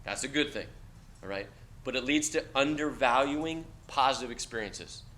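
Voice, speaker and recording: At a moderate pace and in a mid-range, fairly bright voice, a middle-aged university lecturer gives students a casual lecture. His style is conversational and blunt, with "okay?" tacked onto his lines.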